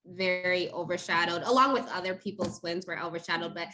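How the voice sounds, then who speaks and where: A woman's voice: lowish voice, fairly quick, sharp tone. A woman co-hosting a casual chat show, telling stories animatedly and acting out her own reactions. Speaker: podcast co-host.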